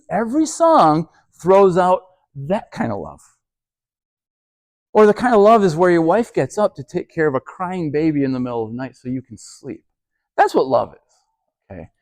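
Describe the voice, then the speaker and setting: Animated youth pastor teaching, dry sound. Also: male voice, on the high side, dry recording. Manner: conversational, keeps checking in with rhetorical "okay?"; restarts and repeats words often.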